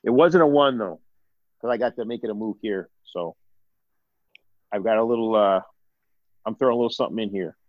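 A man's voice: fairly low pitch, a little fast, pauses often, dry recording, phone-quality sound. A man co-hosting a casual podcast, talking hesitantly and restarting often. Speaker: podcast co-host. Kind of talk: casual chat.

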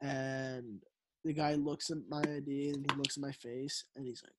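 A man's voice: medium pitch, level tone, moderate pace, very noisy. A young man telling a story in casual chat, rambling with lots of fillers. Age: young adult. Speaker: storyteller friend.

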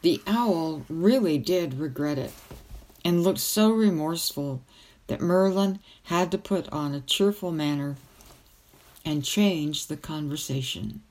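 Slow, low-voiced woman reading a story. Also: lively intonation, a little mellow. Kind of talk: reading a novel aloud.

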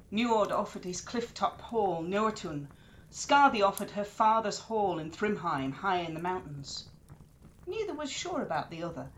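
A woman storyteller narrating a myth in an expressive, lilting way. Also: medium pitch, a little hiss or hum.

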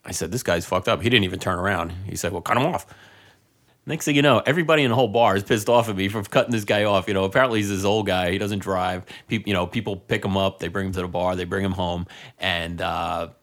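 A man co-hosting a casual talk show, quickly and indignantly telling a story about cutting off a drunk customer at a bar. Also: a bit bright. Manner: fast, indignant storyteller who jumps high when quoting himself. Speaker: podcast co-host.

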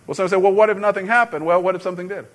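A middle-aged man, a pastor, preaching a sermon in a conversational, storytelling way with sudden loud emphasis. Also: high voice, fairly even intonation, rapid-fire.

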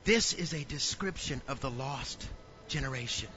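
A man preaching a sermon in a church, swinging from loud to hushed. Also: medium pitch, expressive, normal speed, noisy background. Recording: dull lo-fi recording.

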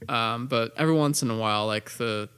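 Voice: mid-range voice, a little fast, fairly bright tone, clean tone. A young adult in a casual chat, laid-back and slangy.

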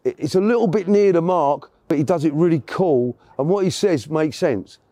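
A man with a warm voice on the high side tells a long, rambling story as an interview guest, chatting casually and correcting himself along the way. He speaks at a normal pace, and the recording is dry.

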